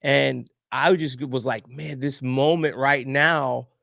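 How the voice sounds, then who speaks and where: A man's voice: mid-range voice, a little slow, vocal fry, dry recording, clean studio sound. Candid man telling his story. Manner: candid, animated storyteller, acts out quoted voices. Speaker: podcast guest. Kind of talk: emotional storytelling interview.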